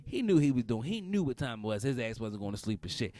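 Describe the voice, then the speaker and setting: Animated man with wide-swinging delivery. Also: medium pitch, fast, hardly any pauses, dry recording, clean studio sound. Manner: animated, loud outbursts and cussing, repeats phrases. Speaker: podcast host. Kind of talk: comedic casual monologue.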